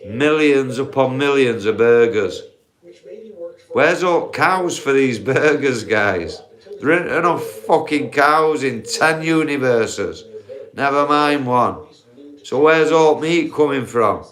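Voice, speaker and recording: Man, live-stream rant, unhurried and sweary. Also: medium pitch, lively intonation, fairly bright tone. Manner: profane, laughs at own points, addresses viewers as guys. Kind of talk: ranting live-stream monologue.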